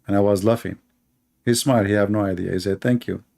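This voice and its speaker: A man's voice: on the low side, fairly even intonation, fast, creaky, warm tone. A man giving a sarcastic, mocking religious polemic in non-native English. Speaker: religious debater. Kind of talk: polemical monologue.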